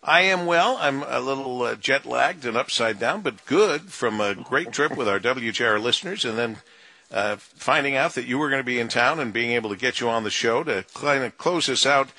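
Bright-voiced male radio host. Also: mid-range voice, expressive, moderate pace, dry recording. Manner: friendly, chatty, with frequent fillers. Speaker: radio talk show host. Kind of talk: radio interview.

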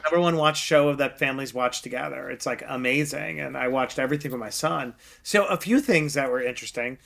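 A middle-aged man, a guest investor, chatting in an interview, telling lively stories and acting out quotes with frequent laughs. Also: mid-range voice, brisk, gravelly. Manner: animated storyteller, acts out quotes, laughs often. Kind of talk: casual interview chat.

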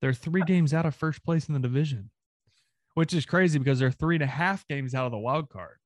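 A man's voice: on the high side, a little fast, dry recording, clean studio sound. A man from the American South ranting emphatically, with swearing, as a co-host of a casual sports talk show.

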